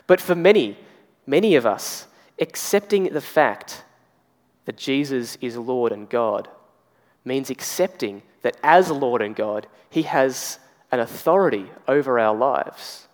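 A man giving a sermon as a pastor, talking conversationally with dramatic pauses. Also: mid-range voice. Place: church hall. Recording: long hall reverb.

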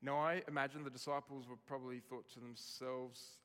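A man preaching a sermon, expressive, dropping soft on tender lines and rising for emphasis. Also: medium pitch, brisk, clean tone, long reverb tail. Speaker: pastor.

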